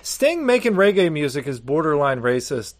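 A man's voice: on the high side, big pitch swings, moderate pace. A man running a tabletop game, blunt and swearing freely in casual banter. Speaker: game master.

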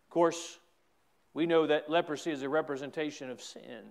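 A man preaching a sermon as a pastor, emphatic, with repeated restarts and stretches where he rises to a shout. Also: fairly high pitch, fast, vocal fry.

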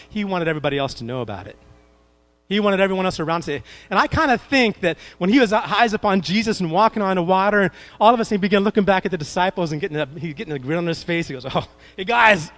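A man preaching a sermon in an animated way, asking his congregation questions as he retells a story. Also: sits high, dry recording, poor audio. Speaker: pastor.

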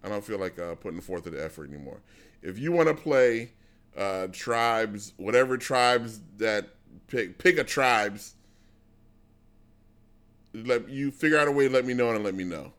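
A man's voice: fairly low pitch, expressive, normal speed, a bit bright, clear, resonant tone. A man streaming live, chatting casually with his viewers in a rambling, blunt way with lots of restarts. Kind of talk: casual rambling chat to an audience.

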